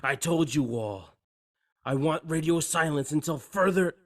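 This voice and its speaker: A man's voice: fairly low pitch, unhurried, dry recording, studio quality, close to an everyday voice. A man reading a cold, scheming male terrorist leader from a script, stumbling over some words. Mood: commanding.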